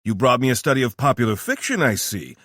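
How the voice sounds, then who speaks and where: A man's voice: mid-range voice, big pitch swings, a bit bright, no room sound, clean studio sound, pitched above the performer's own voice. A man voicing an eccentric, flamboyant weapons scientist with a New York accent who slips into a fake posh British voice. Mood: excited, brash. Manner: fast-talking, theatrical, switches to a fake posh British put-on. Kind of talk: audiobook character voice.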